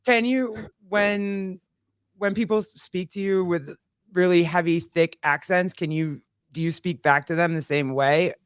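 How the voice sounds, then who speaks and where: A man hosting a casual chat, reacting with quick laughs and exclamations. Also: high-pitched, fairly even intonation, clean tone, dry recording, studio quality. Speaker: host.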